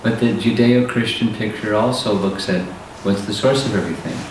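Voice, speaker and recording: Slow-speaking man in an echoey hall. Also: on the low side. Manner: slow, deliberate, pausing often. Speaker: spiritual teacher. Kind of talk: scripture lecture. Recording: very echoey hall, voice from far off, faint hiss.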